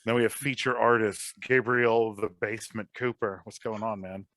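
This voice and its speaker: A man in his thirties hosts a casual podcast chat. His voice is bright and forceful, recorded dry and close with no room sound. He rambles, apologizes for talking too much, and gets animated. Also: fairly low pitch, normal speed, no room sound. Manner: rambling, self-deprecating, animated. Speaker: podcast host.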